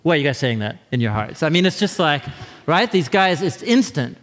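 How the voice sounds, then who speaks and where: A man delivers a sermon in a loose, animated, conversational way. His voice sits somewhat high for a man. The sound carries a long reverb, as if from a large hall. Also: fairly quick. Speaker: pastor.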